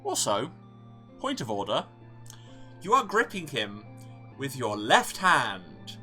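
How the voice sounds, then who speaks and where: A man's voice: mid-range voice, huge pitch swings, takes it slowly, pushed and bright, soft background music. A man hosting a let's play, making wry, sarcastic asides about the game. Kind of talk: casual game commentary.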